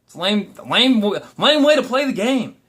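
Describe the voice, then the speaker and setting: A man's voice: sits high, very animated, normal speed, a bit bright, slightly rough. A young man vlogging in a blunt, profane, rambling monologue. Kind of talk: casual ranting monologue.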